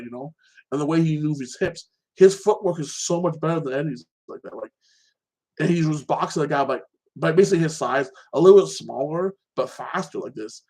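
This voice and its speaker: A man hosting his own show, chatting casually about TV shows and an upcoming fight, rambling and excitable, tagging "like that" onto his sentences. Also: fairly high pitch. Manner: animated, excitable. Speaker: show host.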